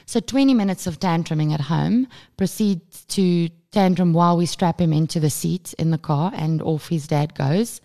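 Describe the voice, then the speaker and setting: Woman, 30s, low-pitched podcast co-host, animated storyteller who swears freely. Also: moderate pace, few pauses. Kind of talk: casual chat.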